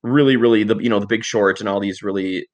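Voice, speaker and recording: A man's voice: fairly low pitch, quick pace, crowd noise. Rambling, profane young man chatting. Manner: rambling, profane, animated storytelling. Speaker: podcast co-host. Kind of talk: casual chat.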